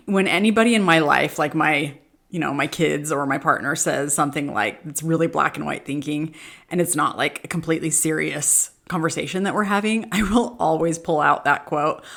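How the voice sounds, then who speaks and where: A middle-aged woman hosting a podcast, talking casually and earnestly, animated and laughing easily. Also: deep voice, normal speed, vocal fry. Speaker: podcast host. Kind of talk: casual motivational podcast talk.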